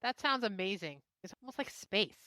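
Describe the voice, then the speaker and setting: A woman's voice: medium pitch, animated, bright, forceful tone, dry recording. Curious woman podcast host. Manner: friendly, curious, quick interjections. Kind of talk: casual interview chat.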